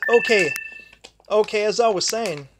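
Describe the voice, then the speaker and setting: High-voiced man rambling on a livestream. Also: a little slow, background noise. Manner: rambling, restarts and repeats words often; grumbles at a failing charger mid-talk. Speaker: livestream host. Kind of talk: rambling solo livestream talk.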